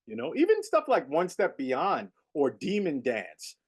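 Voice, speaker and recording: A man's voice: a little high, measured pace, slightly rough. A middle-aged man, a guest jazz saxophonist, telling stories in a casual interview and leaning on "you know" as he talks. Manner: animated storyteller, peppered with "you know".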